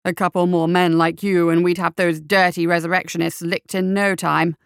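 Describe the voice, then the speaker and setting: Pompous little army captain, voiced by a woman, loud blustering bark, low gravelly tone, dry close sound, storybook. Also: little pitch movement, moderate pace, dry recording. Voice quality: blustering, hearty military bark.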